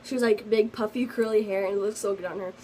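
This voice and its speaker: A woman's voice: medium pitch, steady tone, fast talker, darkish tone, a little hiss or hum, poor audio. A teenage girl telling a story in a casual vlog, rambling with lots of fillers and restarts. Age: teens. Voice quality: sensitive, earnest storytelling. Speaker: vlogger.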